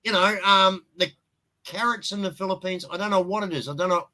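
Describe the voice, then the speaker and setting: A man's voice: high-pitched, brisk, sharp tone, low-quality recording. An Australian man with an Australian accent, ranting bluntly and swearing freely in a casual live-stream chat.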